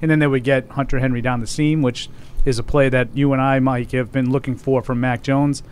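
A man reports on football practice for a podcast. He speaks haltingly, pausing often and filling gaps with "you know" as he works through his points. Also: medium pitch, flat delivery, a little mellow, a little hiss or hum. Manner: halting, many fillers and restarts. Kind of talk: sports podcast chat.

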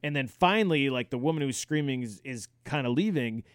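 A man co-hosting a podcast, telling stories in casual chat, animated and swearing freely. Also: mid-range voice, a little fast, clean tone, dry recording, clean studio sound. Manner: animated storyteller, swears freely, acts out quoted yelling. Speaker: podcast co-host.

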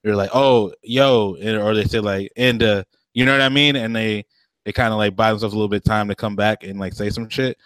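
A man co-hosting a podcast in casual chat, relaxed and slangy, laughing often. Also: on the low side, a little fast, clean tone, dry recording. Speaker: podcast co-host.

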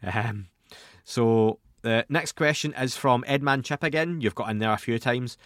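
A man's voice: mid-range voice, a little slow, a bit bright, no room sound, studio quality. A man, hosting a podcast and answering listener questions in a casual, rambling way with self-deprecating asides.

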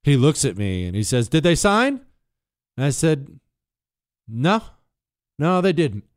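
A man's voice: a little high, sing-song, unhurried, dry recording, clean studio sound. A man hosting a talk radio show, telling a story with dramatic flair and sound effects, then answering listener questions.

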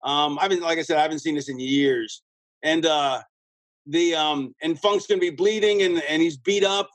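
A man telling a backstage story as an interview guest, rambling and animated, with a husky voice. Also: fairly high pitch, normal speed, dry recording, low-quality recording. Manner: rambling, animated, lots of restarts and quoted dialogue. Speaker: guest, former pro wrestler.

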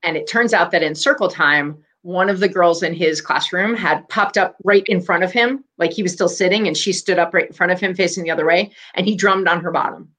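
A middle-aged woman, a physician and guest, telling stories in a clear, composed and measured way in a casual interview. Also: lowish voice, fairly bright tone. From United States.

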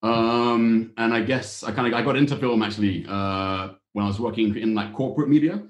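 A man's voice: medium pitch, fairly quick. Man, friendly podcast guest, echoey room. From England. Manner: friendly, laughing. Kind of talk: casual chat. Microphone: video call with headphones.

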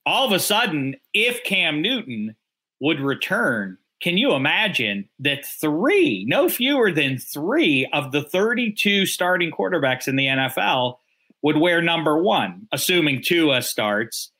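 A man's voice: a little high, sing-song, unhurried, pushed and bright. A man co-hosting a sports radio show, chatting casually and rambling with joking asides.

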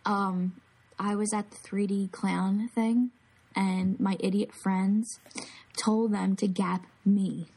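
A woman's voice: mid-range voice, steady tone, slow, warm tone, slightly rough, rough recording. A young woman co-hosting a podcast, telling a story animatedly with lots of filler words. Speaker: podcast co-host. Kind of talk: casual chat, storytelling.

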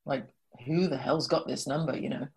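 A middle-aged woman, a guest, telling a story in a lively way and often laughing. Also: very deep voice, moderate pace, gravelly. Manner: animated, laughing, acts out quoted voices. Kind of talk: casual storytelling.

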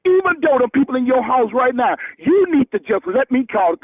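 A man on the phone reacting loudly and excitably, repeating himself as he talks over the caller. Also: very high-pitched, fairly quick, no echo. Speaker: prank call target. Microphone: telephone. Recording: tinny phone line.

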